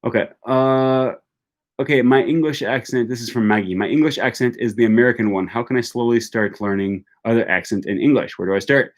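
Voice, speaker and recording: A young man chats through a live stream, reading viewer questions aloud and answering off the cuff. His voice sits in an ordinary middle pitch, and he talks with easy, rambling warmth, full of ums and self-corrections. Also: fairly quick. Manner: reads viewer questions aloud and answers chattily, many fillers. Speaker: language YouTuber hosting a live stream.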